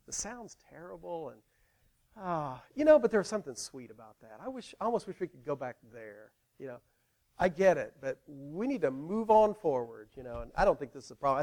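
A male pastor preaching in an animated, conversational way, playfully involving the congregation. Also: a little high, a little fast. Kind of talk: sermon.

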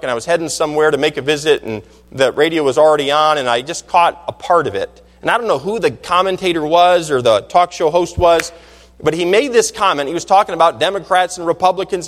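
A man preaching a sermon as pastor, emphatic, climbing to loud peaks and dropping low again. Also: big-room sound.

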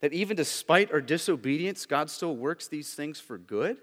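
Impassioned preacher in a reverberant hall. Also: male voice, expressive, moderate pace. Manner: swings between loud urgent emphasis and hushed low intensity; frequent "right?" check-ins with the congregation. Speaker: pastor. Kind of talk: sermon.

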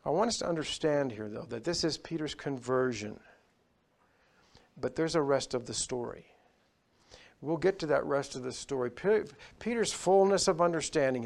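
Male pastor, sermon delivery, emphatic, swings from loud rises to hushed drops. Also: mid-range voice, gravelly.

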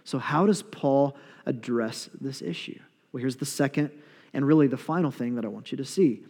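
A man preaching a sermon as a pastor, conversational and animated, with playful asides. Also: medium pitch, moderate pace, husky. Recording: long reverb of a large hall.

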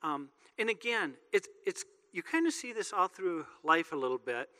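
A man's voice: sits high, sing-song, moderate pace, sharp tone. A man preaching a sermon as pastor, talking in a joking, conversational way. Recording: long reverb of a large hall.

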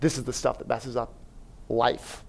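A man giving a sermon-style talk, telling a personal story in an animated way, with fillers and acted self-talk. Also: mid-range voice, measured pace, vocal fry. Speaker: speaker at a church.

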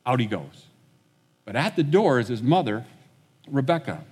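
A man's voice: mid-range voice, very animated, moderate pace, a little mellow, husky. A male pastor delivers a sermon in an easy, conversational manner, retelling a story and voicing its characters as he goes. His voice sits in a middle register. A long reverb trails each phrase, as in a large hall. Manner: conversational storytelling, acting out quotes.

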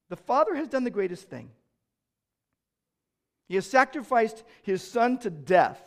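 High-voiced pastor preaching with rising passion. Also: male voice, sing-song, measured pace, vocal fry, pauses often, a bit bright. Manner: repeats key phrases for emphasis, rising to passionate peaks. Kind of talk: sermon.

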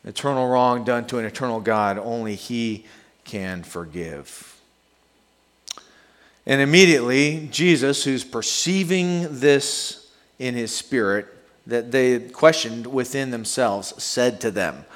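A male pastor preaching a sermon to a congregation in a conversational, animated way. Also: mid-range voice, slow pace. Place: church sanctuary. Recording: long hall reverb.

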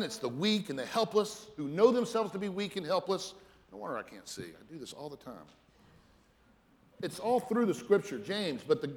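Preaching man in a reverberant hall. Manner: earnest preaching, drops to a hushed low voice in prayer passages. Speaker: pastor. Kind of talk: sermon.

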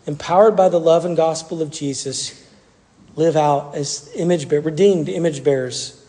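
A male pastor giving a sermon in an animated way, often repeating words and restarting phrases. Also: a little high, moderate pace. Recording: long reverb from a large hall.

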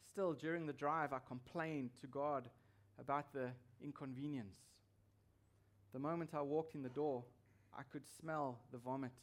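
A man's voice: medium pitch, fairly even intonation, a little slow. A man preaching a sermon as pastor, emphatic and repeating his key phrases for weight.

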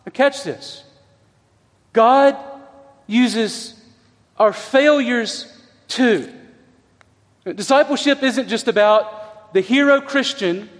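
A middle-aged man preaching a sermon as pastor, telling stories in an earnest, conversational way with emphatic pauses. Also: very high-pitched, fairly bright tone, long reverb tail.

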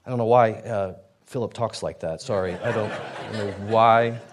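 A man preaching a sermon in a conversational, animated way, often restarting his sentences and stepping aside to explain. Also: on the low side, normal speed, slight background noise. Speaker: pastor.

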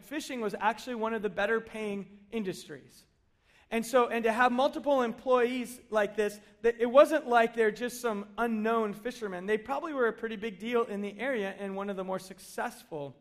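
A middle-aged man preaching a conversational sermon, telling stories with animated asides. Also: very high voice. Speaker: pastor.

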